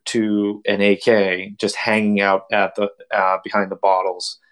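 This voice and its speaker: A man's voice: a little slow, smooth. A young man on a podcast telling a rowdy story casually, acting out the quotes with big jumps in his voice. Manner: animated, acts out quotes with big pitch jumps. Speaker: podcast host.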